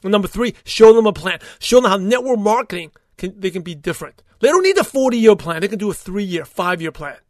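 A man hosting a solo podcast, talking in an upbeat, rambling way with quick asides and restarts. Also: high-pitched, animated, no echo, clean studio sound. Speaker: podcast host. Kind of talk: solo motivational podcast talk.

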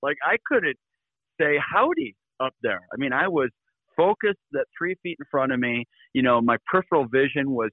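A man, a guest in a radio interview, telling a personal story in an animated way and laughing between lines. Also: medium pitch, no room sound, narrow, tinny audio.

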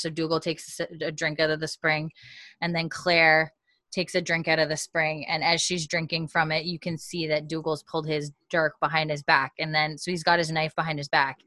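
A woman podcast host retelling a story in casual chat, her talk loose and full of fillers as she slips in quoted lines. Her voice sits a bit low but sounds bright and forward. The recording is close and dry, with no room echo. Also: fairly even intonation, moderate pace. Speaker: podcast host recapping an episode.

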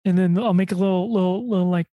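A woman's voice: lowish voice, fairly even intonation, mellow, no room sound. Rambling young woman hosting a podcast. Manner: rambling, halting with many fillers and restarts. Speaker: podcast host. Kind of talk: casual podcast chat.

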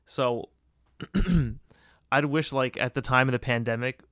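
A man's voice: medium pitch, fairly even intonation, a little slow, a bit bright, clear, resonant tone, dry recording. Rambling, profane man, dry close sound. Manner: rambling, profane, laughs often. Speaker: podcast host. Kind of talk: casual solo podcast monologue.

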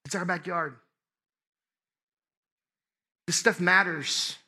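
A man preaching a sermon as pastor, conversational and impassioned, swinging between loud and hushed. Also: sits high, steady tone, moderate pace.

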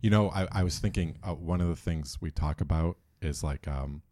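A man co-hosting a casual podcast, eager and thinking out loud. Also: low voice, moderate pace, dry recording, clean studio sound. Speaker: podcast co-host.

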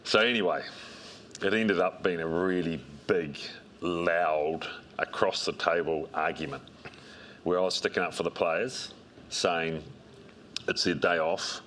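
A middle-aged New man with a remarkably low voice tells stories in a relaxed, rambling way, stopping for ums and restarts. A faint hiss sits under his voice. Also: unhurried. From New Zealand. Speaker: strength and conditioning coach, guest. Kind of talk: interview storytelling.

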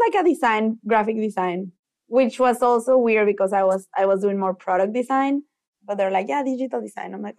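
A young woman from Mexico, a native Spanish speaker, tells stories as an interview guest. She talks animatedly, acting out quotes and scattering "like" through her speech. Her voice sits at a middle pitch. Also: brisk. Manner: animated, acts out quotes, filler "like". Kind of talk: casual storytelling in conversation.

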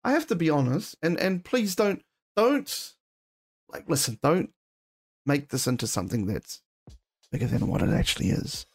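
A man's voice: fairly high pitch, moderate pace, pauses often, breathy edge. A man, chatting casually with callers on a stream, full of slang and swearing. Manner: slangy, excitable, swears freely. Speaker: streamer taking call-ins. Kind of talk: casual chat.

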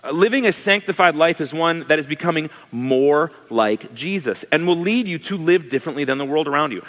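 A male pastor preaching a sermon in a conversational, animated way, asking his listeners questions. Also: fairly high pitch, a little fast, in a large hall.

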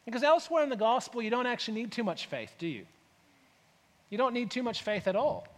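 A man's voice: very high voice, very animated, fast, long reverb tail. A man preaching a sermon as pastor, talking conversationally and asking his listeners rhetorical questions. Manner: conversational, asks rhetorical questions, acts out voices.

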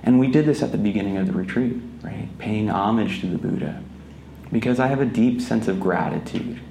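A man with a lowish, gravelly voice speaks a little quickly, with slight background noise. He's a meditation teacher giving a casual dharma talk at a retreat, telling stories gently and laughing. The recording is echoey, made indoors in a retreat hall.

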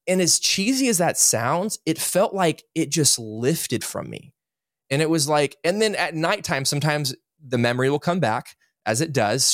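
A man in his thirties, a guest on a podcast, telling a personal story in an earnest, animated way and acting out what people said. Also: mid-range voice, no room sound, studio quality. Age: 30s. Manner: earnest, animated, acts out quotes. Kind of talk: candid interview storytelling.

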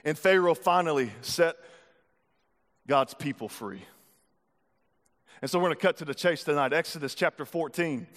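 A man's voice: on the high side, normal speed, pauses often, fairly bright tone. A man preaching a sermon, retelling a scripture story in a casual, slangy way before moving into teaching. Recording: long hall reverb.

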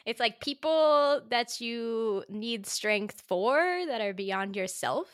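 A woman co-hosts a casual chat, talking in a lively way and breaking into laughter often. She acts out characters' lines as she goes. Her voice is recorded close and dry, with no room sound. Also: a little high, slow pace, no room sound. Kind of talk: casual chat about an anime.

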